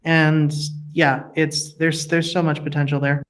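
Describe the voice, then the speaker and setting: A guest on a casual live audio chat who laughs often and talks with quick restarts. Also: medium pitch, level tone.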